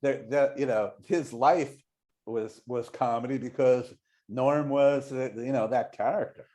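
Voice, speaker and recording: A middle-aged man, a longtime TV showrunner, telling casual anecdotes in a rambling way, full of restarts and quick acted-out voices for the people he quotes. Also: medium pitch, mellow.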